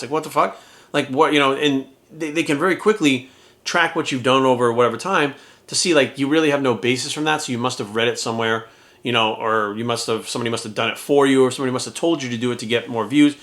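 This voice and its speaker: A man's voice: medium pitch, quick pace, a bit bright. A middle-aged fitness coach talking casually and bluntly to his camera, swearing often as he makes his point. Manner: blunt, profane, heated.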